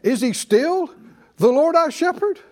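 A man's voice: very high-pitched, expressive, a little slow, a little mellow. A man preaching a sermon to a congregation, calling out questions and repeating key phrases for emphasis. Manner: call-and-response preaching, emphatic repetition. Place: church with congregation.

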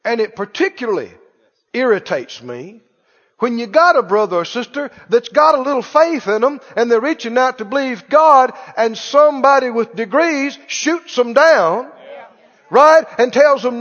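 A man preaching a sermon in an animated, emphatic way, repeating his key lines for stress. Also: extremely high pitch, normal speed. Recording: long church reverb, dull lo-fi sound.

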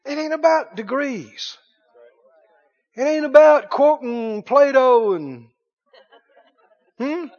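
A man's voice: very high voice, expressive, slow, long pauses, dull audio. A man preaching a sermon in a folksy, emphatic way, repeating phrases for effect. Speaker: pastor.

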